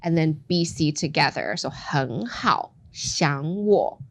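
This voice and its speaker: A woman teaching Mandarin tones in a podcast lesson, playful and quick to laugh, saying phrases slowly for practice. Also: low voice, expressive, gravelly.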